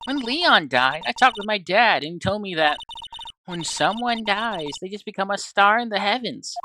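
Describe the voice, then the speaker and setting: A woman's voice: mid-range voice, lively intonation, normal speed, pushed and bright, slight background noise, pitched above the performer's own voice. Woman reading as a sheltered young circus girl. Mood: innocent. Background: game music.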